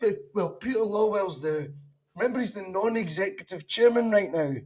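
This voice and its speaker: A Scottish man with a high voice for a man vents about his club, swearing freely and slipping into mocking imitations of others. His talk is loose, fast-shifting and full of restarts. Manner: animated ranting, swears, mock quotes. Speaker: podcast co-host. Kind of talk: casual football chat.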